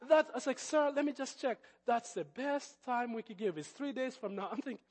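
High-pitched middle-aged preacher guy, animated storytelling sermon. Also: fairly quick. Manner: animated storytelling, lively swings of loudness. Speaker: pastor.

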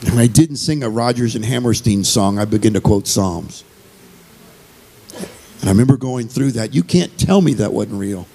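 A man's voice: on the low side, animated, moderate pace, mellow, slight background noise. A man giving an earnest, conversational sermon as a visiting speaker and singer, repeating phrases as he goes.

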